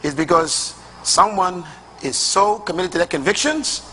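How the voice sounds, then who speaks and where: A man's voice: high voice, unhurried, pushed and bright, a little hiss or hum. A man preaching a sermon to a congregation, emphatic and rhythmic in his delivery and loose and colloquial in his phrasing.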